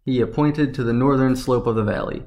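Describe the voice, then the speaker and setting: A man narrating a science fiction story in a steady, even reading. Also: mid-range voice, moderate pace, highs cut off.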